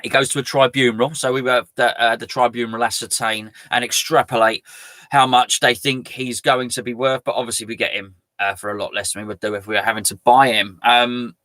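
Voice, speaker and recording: A man's voice: medium pitch, level tone, fairly quick, bright, forceful tone, dry recording. A man hosting a live fan stream, talking casually in a chatty, rambling way. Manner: chatty, rambling, self-mocking. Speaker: fan channel host.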